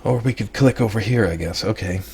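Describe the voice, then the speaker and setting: A man hosting a let's play, casually reading game text and thinking aloud with relaxed asides. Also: on the low side, brisk, vocal fry, slightly rough.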